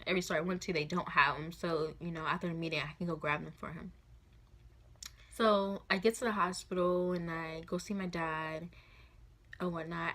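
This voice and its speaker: Soft-spoken young woman, flat and low. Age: 20s. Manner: soft, halting, many fillers. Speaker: vlogger. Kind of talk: personal storytime. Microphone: phone.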